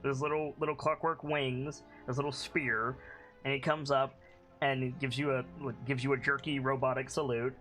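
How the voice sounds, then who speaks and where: A game master narrates a tabletop game in a bright, clear voice, piling up fillers and restarts while describing the scene. Faint music plays underneath. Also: medium pitch, moderate pace. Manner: animated, rambling descriptions with fillers.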